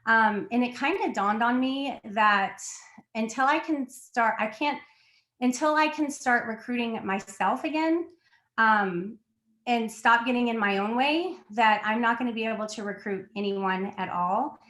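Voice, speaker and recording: A woman's voice: fairly high pitch, a little slow, a bit bright. A woman in her thirties, sick and slightly out of breath, giving a candid, chatty motivational talk to her team on a video call, laughing often. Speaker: team leader on a sales call. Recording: echoey room.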